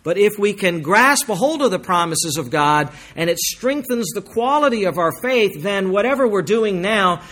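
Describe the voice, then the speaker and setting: A man preaching a sermon as pastor, emphatic, slowing down to stress key phrases and swinging between forceful and quiet passages. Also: sits high.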